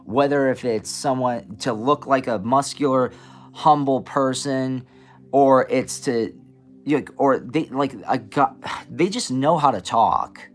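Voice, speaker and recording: A man hosting a live stream, ranting in an animated, passionate way and stuttering and restarting often. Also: medium pitch, a little slow, faint music behind. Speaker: live stream host giving readings. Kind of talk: casual live-stream rant. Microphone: camera mic, moves the camera around.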